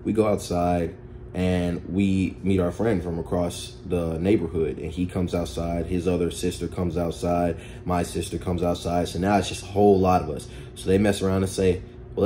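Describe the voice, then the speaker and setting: A man narrating a story-time vlog in a casual, animated way, often calling out to his viewers. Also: sits low, moderate pace, slight background noise. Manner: animated, addresses viewers as guys and y'all. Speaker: storytime vlogger.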